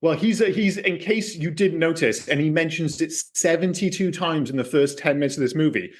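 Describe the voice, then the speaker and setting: A man with a fairly high voice talks through a film on a podcast in a casual, animated way. He swears freely and acts out quips as he goes. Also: fairly quick. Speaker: podcast co-host. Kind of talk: casual film review chat.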